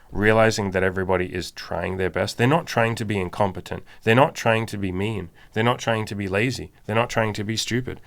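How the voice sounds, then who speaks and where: A man's voice: lowish voice, gravelly. A man co-hosting a podcast, talking in a casual, candid and emphatic way, swearing freely. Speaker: podcast co-host. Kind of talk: casual chat.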